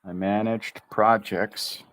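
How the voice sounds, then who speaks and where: A man with an American accent teaching a livestream English pronunciation lesson, drilling words slowly syllable by syllable with upbeat asides. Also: fairly low pitch, flat delivery, fairly bright tone.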